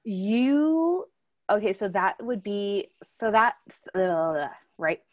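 A young adult woman hosts a casual family chat, telling stories animatedly, laughing often, and loudly acting out quotes. Her mid-range voice moves slowly, and the audio is echo-free but narrow and tinny.

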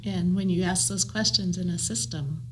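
A woman's voice: on the low side, steady tone, normal speed, slight background noise, low-quality recording. A woman with an American Midwestern accent, answering interview questions in a reflective, earnest way. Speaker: guest, leadership trainer.

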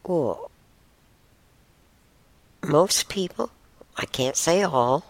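A woman, hosting a casual solo talk show and rambling with frequent giggles and soft, half-whispered asides. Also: deep voice, expressive, very slow, no echo. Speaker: podcast host.

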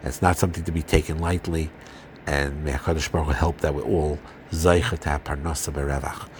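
Deep-voiced man, earnest and gentle lecturer, faint hiss under the recording. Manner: earnest, gentle, often pauses with fillers and restarts. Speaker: Torah teacher giving a marriage talk. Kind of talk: informal religious lecture.

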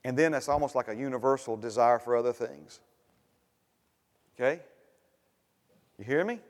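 Preaching pastor in a reverberant hall. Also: male voice, mid-range voice, moderate pace. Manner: preaching with rising emphatic bursts and repeated refrains. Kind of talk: sermon.

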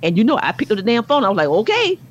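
A middle-aged woman co-hosting a casual chat show, telling stories animatedly and jumping to high exclamations. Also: animated, rapid-fire, highs cut off. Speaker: podcast co-host.

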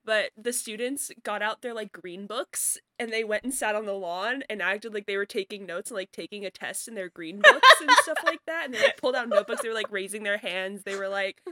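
Bright, giggly young woman storyteller. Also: medium pitch, fairly quick, few pauses, no room sound, clean studio sound. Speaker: player. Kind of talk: casual chat.

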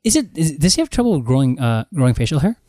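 A man co-hosting a casual podcast about movie and TV news, talking in animated, jokey rants with plenty of swearing. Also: a little high, rapid-fire, no echo. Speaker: podcast co-host. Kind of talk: casual chat.

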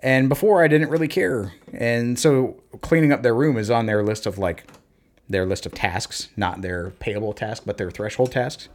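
A man in casual conversation, telling parenting stories and acting out talks with his kids in lively bursts. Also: medium pitch, moderate pace. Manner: animated storyteller, acts out talks with his kids. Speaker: podcast co-host, parent. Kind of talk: casual chat.

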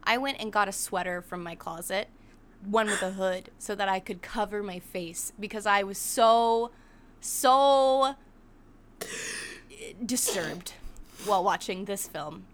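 A woman's voice: mid-range voice, measured pace. A woman co-hosting a podcast in casual chat, laughing often and talking frankly and dramatically. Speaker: podcast co-host.

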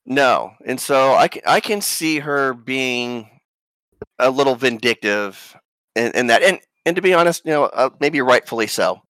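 A man appearing as a guest on a casual podcast, easygoing and a bit hesitant, filling pauses with "you know". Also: mid-range voice, a bit bright, dry recording. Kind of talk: casual chat.

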